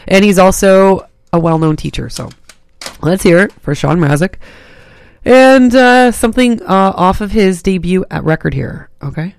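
A radio DJ, hoarse today, rambling in casual on-air chat and acting out their own thoughts with a self-mocking tone. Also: mid-range voice, lively intonation, moderate pace, no room sound. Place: campus radio studio.

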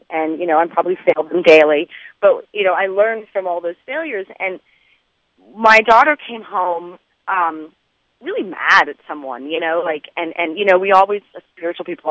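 A woman's voice: on the low side, dry recording. Chatty woman on a dull phone line. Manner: chatty, rambling, many fillers. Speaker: author and guest. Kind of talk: casual phone interview. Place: outdoors.

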